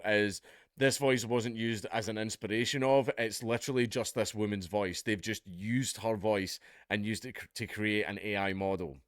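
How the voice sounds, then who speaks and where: A man's voice: on the low side, no echo, clean studio sound. A man with a Scottish accent, chatting casually as he reads out and comments on a news article, swearing and laughing now and then. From Scotland. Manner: chatty, swears, laughs at his own jokes. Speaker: YouTube commentator.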